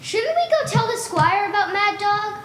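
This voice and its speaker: A woman's voice: very high voice, big pitch swings, moderate pace, exaggerated voice. A young woman playing an earnest, polite young cabin boy in a school stage play. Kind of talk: high school stage acting. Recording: echoey hall, loud noise.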